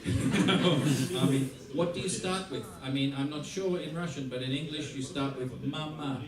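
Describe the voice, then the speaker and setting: An Australian man gives a music masterclass talk, playful and lively, acting out little scenes to make his points at a medium pitch and measured pace. He's picked up from a distance in a large, echoey theater hall, with the audience audible around him and laughing in the background.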